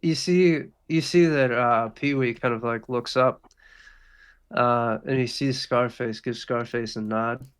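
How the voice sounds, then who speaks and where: A man's voice: mid-range voice, fairly even intonation, a little slow, clear, resonant tone. A male dungeon master narrates a tabletop game. He speaks loosely, with many fillers and restarts.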